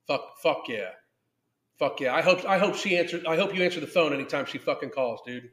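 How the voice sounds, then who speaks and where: In an echoey room, a man with a fairly high, fairly quick, slightly bright voice rants angrily on a podcast. He's the host reacting to a video and live chat, swearing constantly, speaking emphatically, and reading chat comments aloud in this profane live-stream rant.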